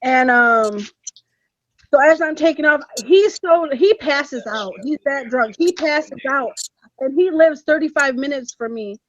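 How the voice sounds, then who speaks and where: A woman on a podcast, telling a story in an animated, emphatic way and laughing as she goes. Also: high-pitched, measured pace, no echo. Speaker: podcast co-host. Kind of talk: casual storytelling chat. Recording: dull, slightly muffled podcast audio.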